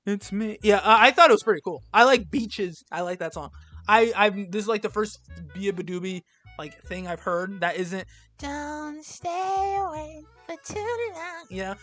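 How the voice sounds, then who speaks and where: A man's voice: high voice, normal speed, pushed and bright, soft background music. Blunt, rambling young man ranting. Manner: blunt, sarcastic, rambling with many fillers. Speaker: video creator ranking albums. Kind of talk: casual rant-style commentary.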